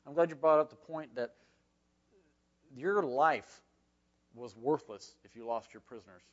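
A man's voice: medium pitch, measured pace, muffled recording. A man leading a Bible study class, reading scripture aloud and explaining it in a folksy, conversational way with frequent asides.

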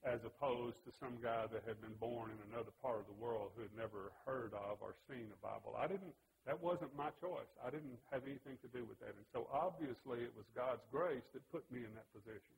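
A man's voice: medium pitch, a little fast, vocal fry, hardly any pauses, slight background noise, poor audio. A man giving an earnest, conversational Bible lesson. He tells stories from his own life and acts out the remembered exchanges. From United States. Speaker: Bible teacher.

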